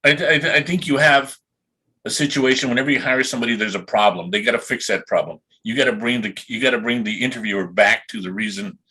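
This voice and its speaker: A man on a recruiting panel, explaining points calmly with some restarts. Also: mid-range voice, fast, husky. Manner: calm, explanatory with repeated restarts. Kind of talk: casual panel discussion.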